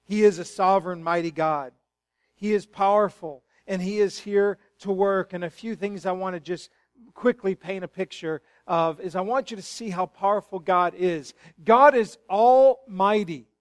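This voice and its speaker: Male pastor preaching, pretty high voice, goes from hushed to fired-up, dry close mic. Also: fairly even intonation, moderate pace, clear, resonant tone, no room sound. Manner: builds from hushed storytelling to loud, fervent exclamations. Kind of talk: sermon. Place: church sanctuary.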